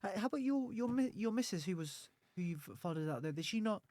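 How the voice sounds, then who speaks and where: A man's voice: high-pitched, expressive, quick pace, a little mellow, no room sound. A man hosting a podcast interview, asking questions and giving short encouraging replies. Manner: brief encouraging backchannels. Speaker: podcast host.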